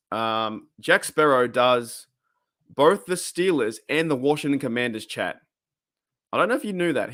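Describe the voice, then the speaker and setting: An Australian man hosting a podcast from his room alone, chatting in an excitable, rambling way and often laughing. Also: mid-range voice. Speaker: podcast host. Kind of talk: casual livestream chat.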